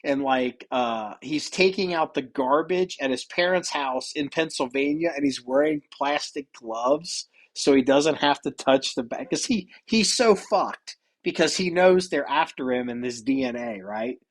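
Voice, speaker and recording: Brief: male podcast host, slightly high voice, rambling and profane, casual chat. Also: unhurried, few pauses.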